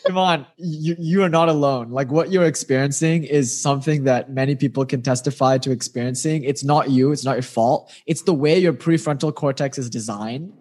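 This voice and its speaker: A man teaching meditation in a patient, gently instructive way, speaking casually over a video call. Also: medium pitch, fairly even intonation, normal speed, few pauses.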